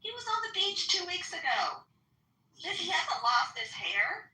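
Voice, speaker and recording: Bright, emphatic woman guest. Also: very high-pitched, sing-song, a little slow, reverberant, distant mic, rough recording. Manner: emphatic, hesitant with ums. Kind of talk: political talk chat.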